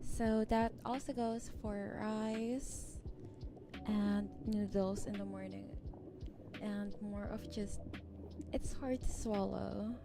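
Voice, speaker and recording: A woman streamer talking softly with her viewers in a giggly ASMR chat. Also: medium pitch, flat delivery, slow pace. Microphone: close ASMR microphone. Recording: clear background music underneath. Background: background music.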